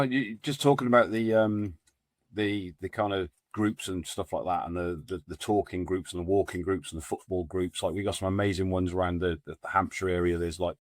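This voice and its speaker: Man, very deep voice, middle-aged, rambling, lots of ums, dry sound. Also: steady tone, a little fast, dry recording. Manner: rambling, many fillers and restarts. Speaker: podcast guest, men's support group founder. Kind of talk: casual storytelling conversation.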